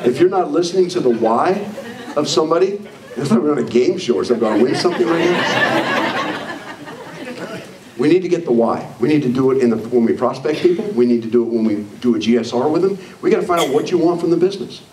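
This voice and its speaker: Energetic male trainer in an echoey hall. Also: medium pitch, fast talker, crowd noise. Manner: energetic, acts out quoted people in animated voices. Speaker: leadership trainer. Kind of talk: motivational training talk to a live audience. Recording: echoey hall, mic from far off, faint noise.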